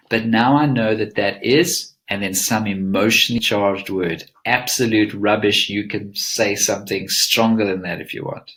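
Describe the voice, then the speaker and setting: A man's voice: lowish voice, steady tone, moderate pace, fairly bright tone. A man presenting a live webinar as a mindset coach, teaching in an earnest, emphatic coaching tone.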